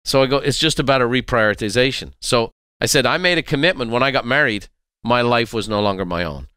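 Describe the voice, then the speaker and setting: Bright, crisp man hosting an interview. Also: mid-range voice, fast, dry recording, studio quality. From Ireland. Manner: animated anecdotes with laughs and acted-out quotes. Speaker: podcast host. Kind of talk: conversational interview storytelling.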